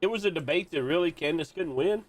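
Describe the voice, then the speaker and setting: A man's voice: a little high, quick pace, slight background noise. A man streaming a game, chatting casually and ranting with opinionated restarts. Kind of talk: casual gaming stream chat.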